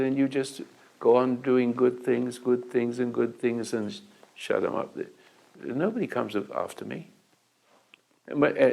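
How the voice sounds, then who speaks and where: An older man with a gravelly, creaky voice gives a talk full of anecdotes. He often stops and starts over mid-phrase. He acts out both sides of each exchange. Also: mid-range voice, a little mellow, poor audio. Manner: halting storyteller with restarts, acting out the dialogue. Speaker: self-help teacher.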